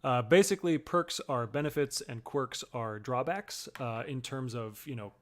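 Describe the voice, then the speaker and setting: A man's voice: mid-range voice, moderate pace. A man co-hosting a casual chat, explaining the rules of a tabletop game step by step with examples. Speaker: co-host and player.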